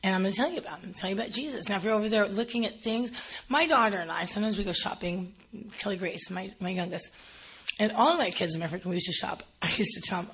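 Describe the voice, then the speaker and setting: A middle-aged woman preaching a sermon, telling animated stories and acting out gushing shoppers. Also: mid-range voice, fast, breathy edge.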